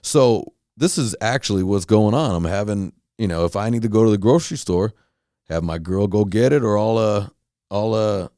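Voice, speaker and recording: A man's voice: on the low side, darkish tone, dry recording, clean studio sound. A middle-aged man from Southern California telling a heated, profane story in a casual monologue rant, with lots of restarts. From Los Angeles County, Southern California. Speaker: podcast host.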